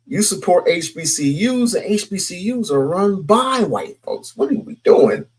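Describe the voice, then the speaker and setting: A man's voice: high voice, lively intonation, husky. A man hosting casual commentary, talking emphatically and repeating his points. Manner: slow, emphatic, repeats himself.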